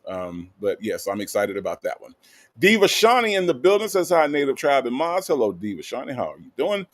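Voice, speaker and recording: A man's voice: mid-range voice, sing-song, brisk, dry recording. A man from the American South, hosting a livestream in a casual, upbeat way and greeting viewers by name with playful asides. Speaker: livestream host. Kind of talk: casual chat reading live comments.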